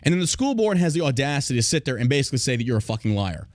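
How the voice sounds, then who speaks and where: A man's voice: mid-range voice, big pitch swings, racing, darkish tone, no echo, clean studio sound. A man hosting a podcast who rants in a heated, profane, emphatic way and speaks directly to his listeners. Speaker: podcast host. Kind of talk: angry podcast rant.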